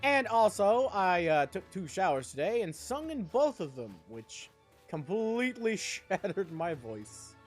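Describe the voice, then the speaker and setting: A man's voice: high-pitched, big pitch swings, a little slow, faint music behind. A young man streaming live, chatting casually while he plays a game, rambling with jokey asides. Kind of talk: casual chat while gaming.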